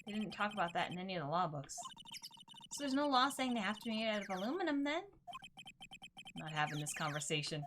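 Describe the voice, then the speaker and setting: A woman's voice: medium pitch, sing-song, quick pace, pauses often, background noise. A young woman streamer chatting playfully and thinking aloud as she plays a story game. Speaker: gaming streamer. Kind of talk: casual let's play commentary.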